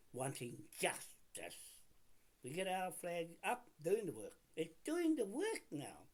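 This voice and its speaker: A man's voice: on the high side, husky. A man delivering a combative monologue, talking straight at the people he blames and repeatedly asking rhetorical questions. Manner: combative, addresses targets directly; repetitive, asks rhetorical questions. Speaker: video blogger. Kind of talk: ranting monologue to camera.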